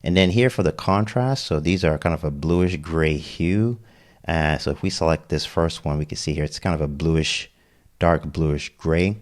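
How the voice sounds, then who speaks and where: Male tutor, extremely deep voice, casual step-by-step software walkthrough. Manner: step-by-step, casual, frequent "okay?" check-ins. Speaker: web design tutor. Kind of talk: screen-recorded software tutorial.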